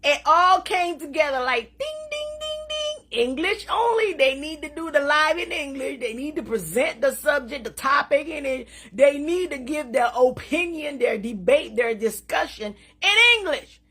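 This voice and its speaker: A woman chats on a casual live stream. Her voice sits high and lively, and she laughs often as she talks. She drops Creole phrases into her English. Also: moderate pace, hardly any pauses. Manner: animated, laughing often, mixing in Haitian Creole. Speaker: social media live host.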